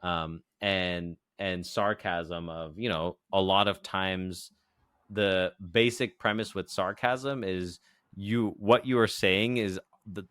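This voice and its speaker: Deep, smooth-voiced man explaining. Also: fairly even intonation, slow, a bit bright, no room sound, clean studio sound. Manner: explains patiently, leans on "you know" and "right?". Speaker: podcast co-host. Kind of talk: casual explanatory podcast chat.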